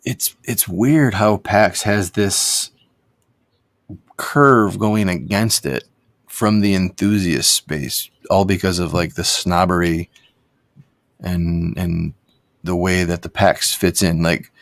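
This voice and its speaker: Man, co-host, casual chat, gravelly, low-pitched, quick animated restarts. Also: no echo. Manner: animated storytelling, swearing, quick bursts and restarts. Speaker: co-host of a cannabis vape review show.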